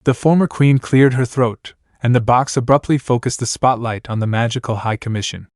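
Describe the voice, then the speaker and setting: A man's voice: medium pitch, fairly even intonation, fairly quick, few pauses, a little mellow, no room sound, studio quality. Plain male fan-fiction narrator.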